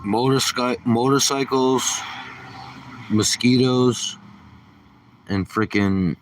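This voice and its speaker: A man's voice: mid-range voice, takes it slowly, recorded from a distance, background noise. A man hosting a casual livestream, ranting sarcastically and swearing as he rambles. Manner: sarcastic, profane rambling rant. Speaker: livestream host.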